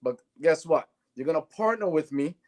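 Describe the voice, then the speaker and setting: A man's voice: fairly high pitch, normal speed. A man from Canada, a guest on an interview show, telling stories and acting out the dialogue. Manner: animated, acts out dialogue in his stories. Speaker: guest, former sprinter turned businessman. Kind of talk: interview storytelling.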